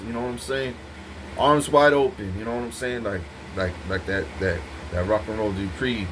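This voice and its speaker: A man's voice: medium pitch, normal speed, a bit bright, slight background noise. A man giving an intense, profane, rambling monologue to the camera, repeating himself as he goes. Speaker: vlogger speaking to camera.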